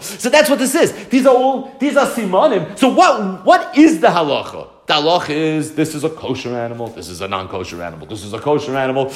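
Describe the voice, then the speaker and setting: A man teaches a Talmud lesson, and his fairly high voice swings up and down as he throws out rhetorical questions. The lecture sounds like it was recorded in an echoey room. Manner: animated, rhetorical questions, mixes Hebrew and Yiddish terms.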